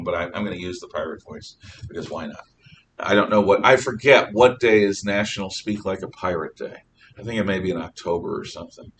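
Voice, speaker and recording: Animated man lecturing a class. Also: low-pitched. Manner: animated storytelling with asides and restarts. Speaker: history teacher. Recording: distant mic, faint background noise.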